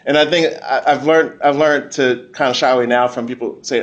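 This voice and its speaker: A man speaking on a convention panel as a comic book creator, blunt and animated, often repeating his words. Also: mid-range voice, brisk, lo-fi sound. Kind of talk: casual panel talk.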